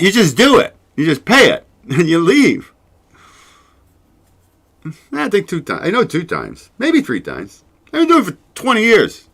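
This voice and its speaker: A man's voice: fairly high pitch, gravelly, bright, forceful tone. A man hosting his own show, chatting casually and rambling, swearing freely and laughing often. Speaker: show host. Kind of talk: casual solo livestream chat.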